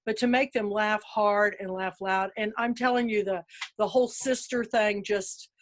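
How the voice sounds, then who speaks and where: A woman's voice: medium pitch, steady tone, moderate pace. Enthusiastic woman talk-show host. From Kansas. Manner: enthusiastic, gushing. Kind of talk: casual interview chat.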